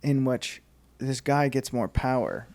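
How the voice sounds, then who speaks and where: A young man co-hosting a casual podcast, reacting with quick jokes and short comments. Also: medium pitch, darkish tone. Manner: reacts with short joking interjections. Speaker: podcast co-host.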